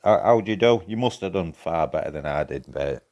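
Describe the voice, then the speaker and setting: A man with a broad Yorkshire accent and a notably low voice, chatting loosely with his viewers during a live game stream. He swears freely and keeps up easy banter. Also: expressive, fairly quick, a little mellow, lo-fi sound. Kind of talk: casual live-stream chat.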